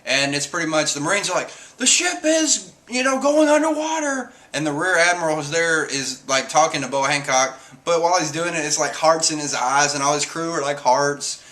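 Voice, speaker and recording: A man's voice: fairly high pitch, fairly even intonation, fairly quick, hardly any pauses, pushed and bright. A man, casually reviewing a comic chapter in a rambling, filler-heavy way. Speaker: manga reviewer.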